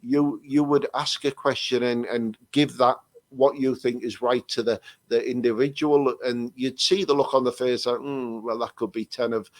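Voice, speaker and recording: A man's voice: mid-range voice, fairly even intonation, moderate pace, dry recording. An English man, a psychic medium, telling rambling stories with many restarts in a casual chat over a video call. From England.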